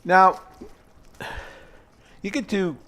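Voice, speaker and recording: Very slowly, in a high, bright and forceful voice, an older home cooking host walks through a recipe in his kitchen. It's a casual demonstration, rambling and chatty with many fillers and asides.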